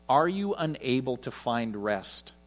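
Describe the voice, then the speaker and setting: A man preaching a conversational sermon in church, with frequent pauses. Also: mid-range voice, sing-song. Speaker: pastor.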